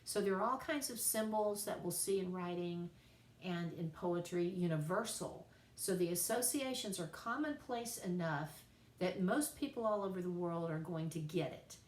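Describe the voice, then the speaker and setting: A woman writing teacher giving a recorded class lecture, chatty and playful, slowing down to spell out examples. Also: on the low side, roomy sound, recorded from a distance.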